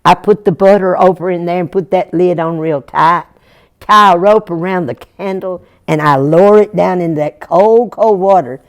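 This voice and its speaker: A woman voicing a fond, patient country mother in a told folktale, scolding gently in a folksy drawl. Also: lowish voice, moderate pace, close to an everyday voice. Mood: explaining.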